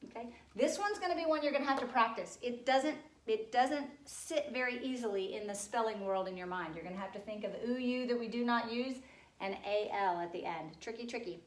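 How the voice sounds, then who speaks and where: A woman's voice: on the high side, fairly quick, roomy sound. Patient woman teaching a spelling lesson. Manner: patient, spells words out letter by letter. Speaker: second grade teacher. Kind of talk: spelling lesson for young children.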